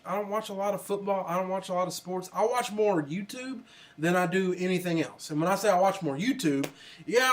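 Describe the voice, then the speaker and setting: Easygoing country-accented man, higher voice. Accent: American Southern country. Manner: rambling, easygoing, frequent ums and restarts. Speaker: livestream host. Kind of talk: casual livestream chat reading comments. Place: office.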